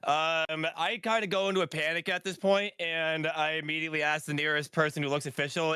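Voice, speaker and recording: A man playing a tabletop game, excitable and full of "like" fillers. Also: a little high, brisk, few pauses, clean tone, no room sound. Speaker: player.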